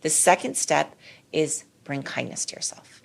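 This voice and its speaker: A middle-aged woman speaks as a clinical psychologist on a podcast. She has a low voice with some fry in it. She explains ideas in a lively, conversational way. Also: unhurried.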